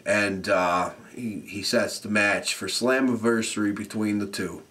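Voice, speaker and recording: A man giving a casual, profane, animated recap as a show reviewer, often laughing as he talks. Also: lowish voice, unhurried.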